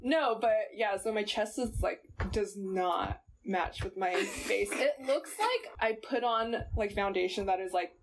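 A woman's voice: mid-range voice, measured pace, hardly any pauses, slight background noise. A woman co-hosting a podcast in casual chat, giggly and self-deprecating, laughing often. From Southern California. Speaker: podcast co-host.

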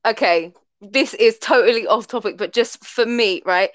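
A woman's voice: on the high side, normal speed, fairly bright tone, no room sound. A young woman co-hosts a podcast, chatting in a playful, casual way and swearing a lot. Her voice is recorded dry and close, with no room sound around it. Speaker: podcast co-host. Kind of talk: casual chat.

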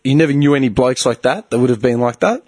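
A man's voice: mid-range voice, fast talker, dry recording. A man telling stories in casual chat, swearing freely and breaking into laughter. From Australia. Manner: swearing, animated storytelling, bursts of laughter.

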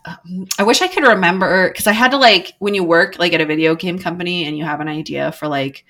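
Lowish and a bit bright, this woman talks fast. She works in video game development and is having a casual chat, rambling along with frequent filler words and lots of "like."

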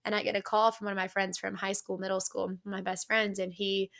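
A young woman shares a personal testimony as a podcast guest, earnest and halting with many fillers and restarts. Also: mid-range voice, level tone, gravelly, a bit bright. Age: young adult.

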